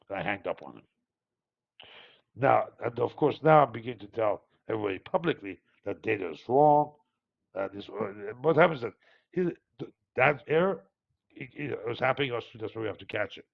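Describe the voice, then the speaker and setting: Animated gravelly man, dull lo-fi audio. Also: medium pitch, a little fast. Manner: digressive, animated, frequent fillers and restarts. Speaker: market analyst hosting a review. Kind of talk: rambling live market commentary.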